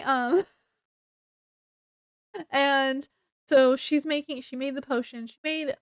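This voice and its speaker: A woman's voice: a little high, clear, resonant tone, dry recording, studio quality. A woman giving a casual book review, retelling the plot in a chatty way with lots of fillers and acted-out quotes.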